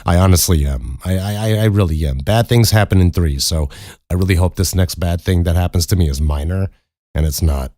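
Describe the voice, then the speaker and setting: American guy with a really low voice, rambling and cussing through a story, dry close sound. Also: brisk, warm tone, no echo. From United States. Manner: profane, rambling, laughs often. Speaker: podcast host. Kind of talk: casual storytelling monologue.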